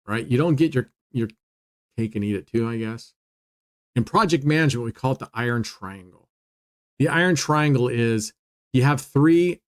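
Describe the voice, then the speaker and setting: Guy explaining roulette bets at home, chatty, cheers when he wins, average pitch. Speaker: casino strategy channel host. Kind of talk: casual gambling walkthrough.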